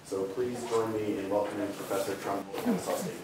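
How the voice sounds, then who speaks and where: A man's voice: fairly low pitch, fairly quick. A man introducing a guest speaker at a university event, formally reading out his credentials. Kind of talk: read-out introduction. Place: lecture hall. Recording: distant mic in a very echoey hall, noisy.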